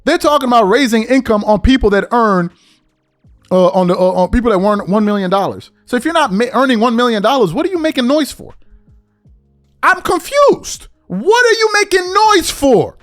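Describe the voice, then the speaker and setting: A man's voice: high-pitched, quick pace, faint music behind. A man hosting a podcast, delivering an exasperated opinion rant full of repeated rhetorical questions. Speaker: podcast host.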